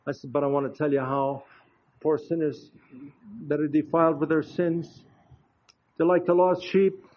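A man's voice: a little high, flat delivery, normal speed. An older man preaching in a folksy, chatty way, telling anecdotes with frequent asides to the congregation. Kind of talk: folksy storytelling sermon. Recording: dull lo-fi recording.

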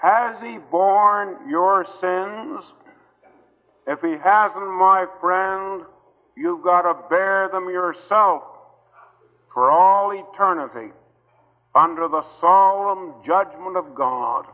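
A high-voiced man preaches an old-time gospel sermon at a slow, deliberate pace. He pleads earnestly with his listeners, leaving long pauses between phrases. The recording is thin and phone-like, with a long reverb from the hall.

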